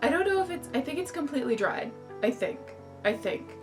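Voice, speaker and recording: A woman chatting casually in a craft vlog, easily excited and talking to herself as she works. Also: sits high, brisk, recorded from a distance. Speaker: crafter showing a handmade mask. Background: faint background music.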